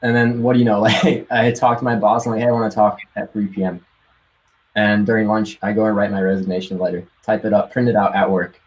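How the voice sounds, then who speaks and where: A young man with a lowish voice tells his story in a loose, excited rush, laughing often and dropping casual swears. He sounds like he's chatting on a live call with friends. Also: fast talker, rough recording. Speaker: guest sharing success story.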